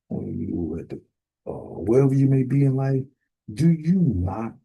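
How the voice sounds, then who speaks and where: A man ministering in a sermon, emphatic and building to sudden forceful bursts. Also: mid-range voice, creaky, slightly rough, rough recording. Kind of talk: preaching sermon.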